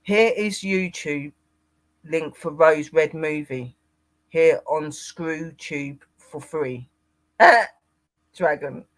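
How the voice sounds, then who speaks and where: A man's voice: fairly high pitch, extremely slow, pauses often, fairly bright tone. A man co-hosting a casual paranormal livestream, rambling and greeting viewers by name.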